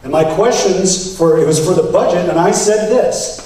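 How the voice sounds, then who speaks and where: A man's voice: sits high, moderate pace, a little mellow. A man running for party office, telling a story to convention delegates in an emphatic, storytelling way. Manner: storytelling, emphatic, quotes others with raised voice. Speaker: political candidate. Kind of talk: campaign speech to delegates. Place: convention hall. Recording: very echoey hall, mic at a distance.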